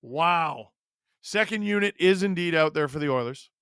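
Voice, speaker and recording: A man calls a game live as he watches, keeping up an excitable running play-by-play in a high, sharp voice that leaps into shouts at big chances. He speaks at a moderate pace with a clear, resonant tone, recorded close and dry with no room echo.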